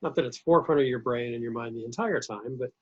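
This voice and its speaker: A man hosts a podcast, asking long, winding questions in a slightly husky voice and answering his guest with supportive agreement. The recording sounds dull and lo-fi. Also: medium pitch, fast. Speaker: podcast host. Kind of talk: conversational interview.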